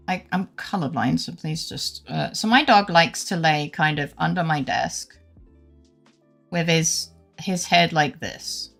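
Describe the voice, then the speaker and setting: Her voice is lowish, gravelly and a bit bright. A young British woman with a headache, she rambles through a casual live-stream chat, frequently greeting viewers amid lots of fillers and restarts.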